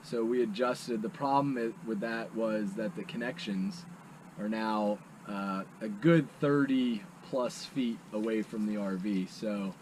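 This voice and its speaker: Low-voiced joking young man. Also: unhurried, a little mellow, a little hiss or hum, rough recording. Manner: joking, explanatory. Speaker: vlog co-host. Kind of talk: casual chat.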